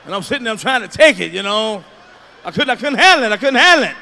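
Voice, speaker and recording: A middle-aged man doing a stand-up comedy routine, telling profane stories that swing from low mutters to loud shouts. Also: very animated, fast, vocal fry. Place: large comedy venue stage. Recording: live show, faint crowd ambience.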